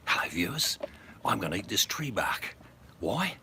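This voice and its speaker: Man sends up a cynical TV survival host: low voice, mocking half-whisper, smug. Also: big pitch swings, normal speed, gravelly, pushed and bright, slight background noise, heavily acted.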